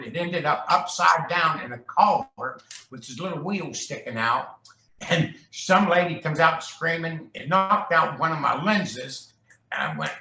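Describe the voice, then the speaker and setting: Recorded in a room with plenty of echo, the guest is a man on the high side with a creaky voice and a sharp tone. He founded a charity ride and chats casually through rambling, jokey stories, imitating voices whenever he quotes someone.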